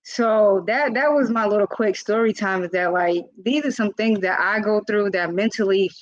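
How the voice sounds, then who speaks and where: A woman's voice: medium pitch, moderate pace, dry recording. A woman vlogger telling a personal story in a casual, earnest way, with lots of informal fillers. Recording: slightly dull, dry lo-fi recording.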